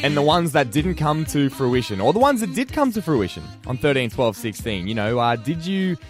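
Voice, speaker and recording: A man's voice: on the high side, normal speed, soft background music. A young Australian man co-hosting a breakfast radio show, chatty and jokey, telling stories in casual banter. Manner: chatty and jokey, lively storytelling.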